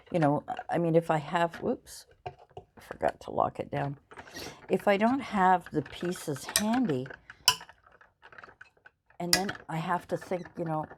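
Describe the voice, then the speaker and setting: Over a noisy background, an older woman with a deep voice talks casually while crafting for her channel. She rambles, is self-deprecating, and fills her speech with plenty of fillers.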